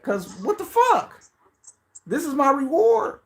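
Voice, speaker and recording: A man's voice: extremely high pitch, very animated, slow. A man hosting a podcast, talking in a casual, profane monologue that swings between mocking pleading voices and blunt asides. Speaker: podcast host.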